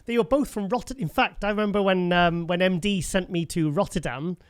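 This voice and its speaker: A man's voice: high voice, fairly quick, clear, resonant tone. A British man hosting a podcast in casual chat, rambling and restarting his stories, often calling his guest mate. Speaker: podcast host.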